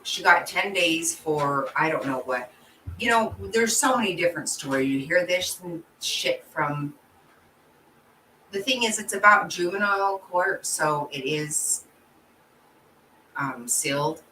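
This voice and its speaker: A woman's voice: sits low, animated, slow, pushed and bright. A woman host chatting casually with her viewers, blunt and emotional, swearing freely as she answers their comments. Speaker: channel host. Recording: roomy echo, distant from the mic, faint background noise.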